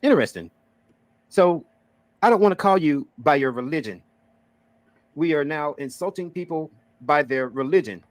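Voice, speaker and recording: A man's voice: fairly high pitch, expressive, moderate pace, pauses often, no room sound. A man hosting drama commentary, replaying clips and explaining with sarcasm. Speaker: commentary streamer.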